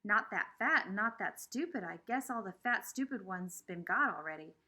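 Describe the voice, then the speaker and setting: A woman voicing a friendly, talkative country boy who is the new kid at school, with a husky voice and an eager country drawl. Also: medium pitch, expressive, moderate pace, pushed and bright. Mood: matter-of-fact.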